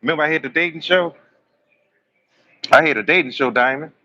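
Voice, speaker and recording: A man's voice: on the high side, a little fast, bright, forceful tone, lo-fi sound. A man, preaching bluntly and swearing on a live stream, acting out both sides of arguments. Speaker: live-stream host and self-styled prophet.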